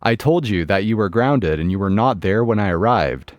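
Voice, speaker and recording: A man's voice: on the low side, animated, moderate pace, no echo, dull audio, lightly acted. A man reading the lines of a bossy, entitled middle-aged mother in a domineering, indignant way.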